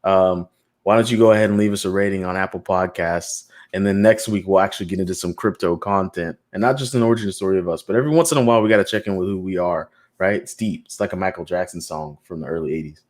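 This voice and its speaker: A man co-hosting a podcast, chatting casually and joking through shout-outs to listeners. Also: low voice, steady tone, fast. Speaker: podcast co-host. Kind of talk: casual live podcast banter.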